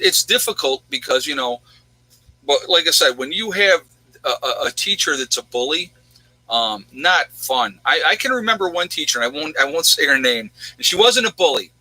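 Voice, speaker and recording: A man's voice: medium pitch, pushed and bright, no room sound, rough recording. A man hosting a casual livestream, chatting in a rambling way and answering viewers' questions. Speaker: livestream host.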